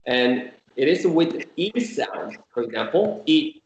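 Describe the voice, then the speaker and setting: A man teaching Korean in an online class, explaining slowly and patiently and repeating example sounds. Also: medium pitch, expressive, lo-fi sound. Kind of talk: online language lesson. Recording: echoey room with faint noise.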